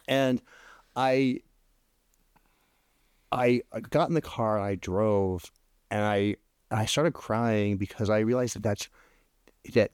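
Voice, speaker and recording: A middle-aged man shares a personal story as a podcast guest, speaking haltingly with many restarts and ums. His voice sits on the low side, recorded close and dry with no room echo. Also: a little mellow. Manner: halting, repeats words, frequent ums, emotional.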